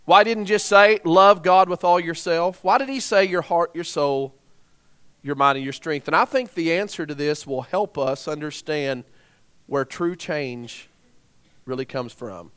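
A man in his thirties or forties delivers a sermon with a fairly high voice. He talks in a conversational way, often turning to the congregation with rhetorical questions. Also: unhurried, a bit bright, smooth. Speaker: preacher.

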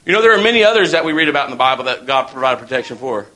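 A man's voice: mid-range voice, sing-song, racing, pushed and bright. A man preaching a sermon in a folksy, storytelling way.

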